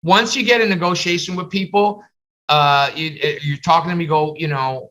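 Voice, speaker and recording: Man, instructor type, lively storyteller, bright tone, call audio. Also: normal speed, rough recording. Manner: animated, acts out little dialogues in higher voices. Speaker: face painting business instructor. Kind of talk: casual teaching on a video call. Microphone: video call.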